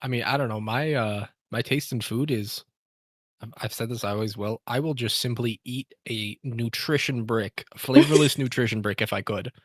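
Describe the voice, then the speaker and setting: Very low-voiced, halting woman. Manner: hesitant, halting, dry humor. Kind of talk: casual chat.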